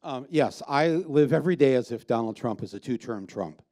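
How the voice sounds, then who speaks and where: A man speaks onstage as a guest before a live audience, with an average-pitched, mellow, warm voice. His delivery is blunt and emphatic, and he often restarts his sentences. He sounds like a filmmaker in conversation rather than reading a script. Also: lively intonation, normal speed. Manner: blunt, emphatic, profane, with frequent restarts and fillers.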